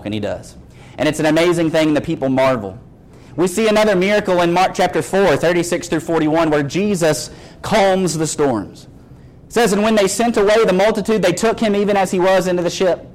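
High-voiced man preaching a sermon. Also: a little fast, low-quality recording. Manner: reads scripture, then retells it with lively acted-out dialogue.

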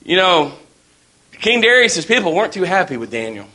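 A man's voice: sits high, sing-song, normal speed, sharp tone. A man preaching a sermon in a folksy, storytelling way.

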